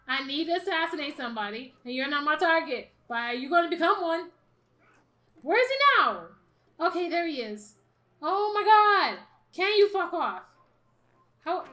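A woman's voice: high voice, lively intonation, normal speed, bright, forceful tone. A woman doing let's-play commentary, who swears and laughs as she talks to the game. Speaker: gaming YouTuber.

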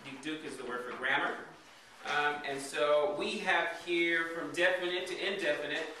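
A man's voice: on the high side, moderate pace, pushed and bright, slight background noise. A man teaching a class, asking students questions and checking "okay?" after each point. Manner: checks understanding with frequent "okay?". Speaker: Hebrew teacher. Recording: echoey room, from far off.

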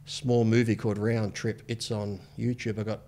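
A man's voice: lowish voice, little pitch movement, warm tone, a little hiss or hum. A man in his fifties, a podcast guest telling casual stories, swearing freely and acting out what people said. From Australia. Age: 50s. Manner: rapid, laid-back, swears freely, acts out quotes. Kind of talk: casual storytelling interview.

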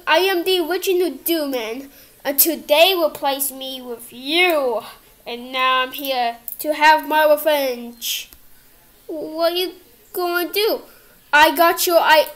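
A woman with a very high voice voices all the characters of a homemade cartoon. She talks slowly and stops often, restarting her lines as she improvises. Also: a bit bright. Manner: halting, improvised, many restarts. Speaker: creator voicing all characters.

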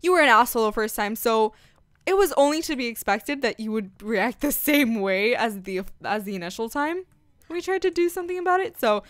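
A woman hosting a casual let's-play, chatting and gushing excitedly as she narrates her game. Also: fairly high pitch, moderate pace, no echo. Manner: bubbly, gushing, chatty with lots of "like" and "freaking". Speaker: gaming channel host.

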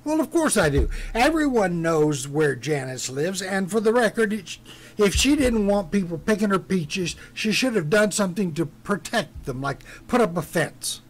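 A man's voice: high-pitched, lively intonation, normal speed. A man voicing a brash, greedy, self-righteous peach grower who talks in an indignant, blustering way. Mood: defiant.

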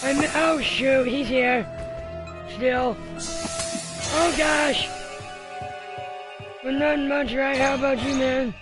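A man streaming a game and chatting with teammates, excitable, laughing often and filling gaps with uhs. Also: very high-pitched, slow, pauses often, music in the background. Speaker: gaming streamer. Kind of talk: live game commentary with teammates.

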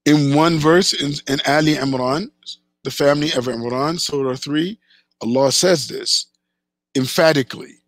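A man's voice: fairly high pitch, normal speed, dry recording. A man giving an emphatic religious lecture, repeating phrases for stress and reciting Arabic verses between his English. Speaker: Islamic teacher.

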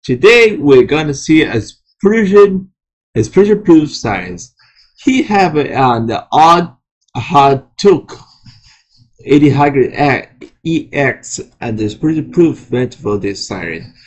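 Slow, halting man with a lively voice. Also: fairly high pitch. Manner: halting, frequent restarts and repeated words. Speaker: vlogger showing alarm sirens. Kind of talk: casual show-and-tell.

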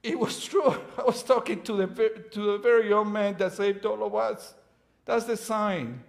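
A man's voice: high-pitched, normal speed, vocal fry. A man preaching as a guest preacher, retelling scripture in casual modern phrasing and chuckling now and then. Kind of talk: sermon.

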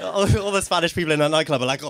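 A man's voice: a little high, rapid-fire, gravelly, crowd noise. A man doing a rambling stand-up routine in front of a small live audience, with lots of "right?" tags and laughing asides. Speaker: stand-up comedian.

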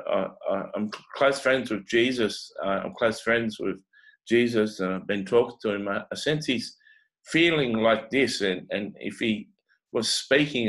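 A man with a New Zealand accent giving a halting, unscripted prophetic reading, full of pauses and fillers. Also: lowish voice, fairly bright tone, low-quality recording. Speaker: prophetic teacher.

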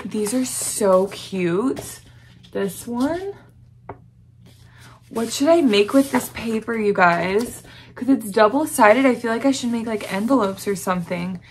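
A young Southern woman talks slowly through an unboxing vlog, gasping and gushing over each gift. Her voice sits a little high, and a faint hiss runs beneath it. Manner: gushing, gasping, breathless excitement. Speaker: vlogger.

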